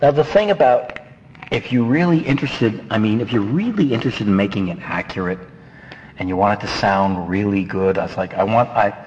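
Man with a low voice, coaching on voice acting. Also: highs cut off, a little hiss or hum. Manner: animated, rambling, throws in quick character voices. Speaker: voice acting instructor. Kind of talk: casual instructional talk.

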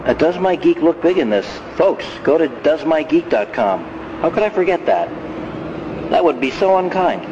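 A man's voice: a little high, animated, moderate pace. A man hosting a podcast in a chatty, self-deprecating, rambling way, recorded outdoors. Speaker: podcast host. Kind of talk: casual rambling monologue. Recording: dull lo-fi sound with street noise.

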